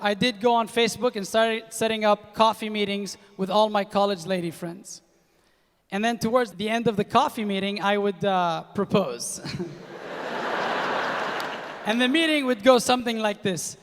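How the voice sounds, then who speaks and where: Young man from Kuwait, stand-up comic, high voice, animated delivery, reverberant hall. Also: normal speed. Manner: animated, acts out voices of others in his stories. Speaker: stand-up comedian. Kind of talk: stand-up comedy set. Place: comedy stage in a large hall with a live audience.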